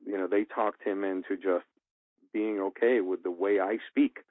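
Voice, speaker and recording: Guy w a lowish voice, voice actor/engineer type, rambly casual advice, tinny phone-ish sound. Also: fairly even intonation, normal speed, dry recording. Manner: rambling, storytelling, with repeated restarts.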